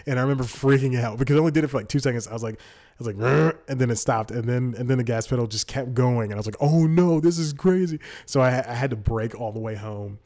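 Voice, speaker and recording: A man's voice: mid-range voice, steady tone, racing, darkish tone. Young man, podcast host, casual solo storytelling, rambling, self-correcting, chuckles mid-sentence.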